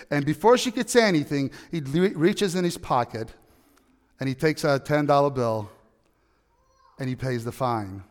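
A man preaching a sermon, telling a story with animated, emphatic peaks. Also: on the high side, moderate pace, pauses often, big-room sound. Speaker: pastor.

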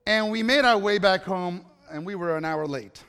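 A man with a clear, resonant, fairly bright voice that sits high speaks at a normal speed to a live audience in a reverberant hall. He shares a personal story conversationally and frequently turns to pose questions to the listeners.

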